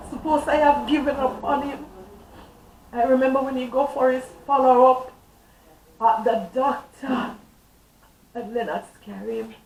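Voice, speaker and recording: A woman's voice: fairly high pitch, gravelly, a little mellow, slight background noise. A middle-aged woman, a guest on a talk show telling her testimony with fervent, emotional storytelling. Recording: roomy echo, distant mic, faint ambience.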